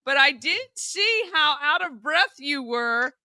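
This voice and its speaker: A woman's voice: sits high, lively intonation, slow, bright, forceful tone, no room sound. A woman hosting a morning show, cheerfully teasing her co-hosts in casual banter. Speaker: show host.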